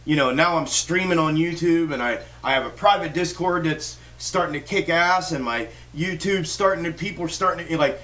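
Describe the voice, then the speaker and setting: A man's voice: fairly high pitch, normal speed, hardly any pauses, sharp tone, recorded from a distance. Fired-up swearing livestream trader, man. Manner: fired-up, swears constantly, rambling restarts. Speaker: stock trading livestream host. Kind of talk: profane live-stream rant.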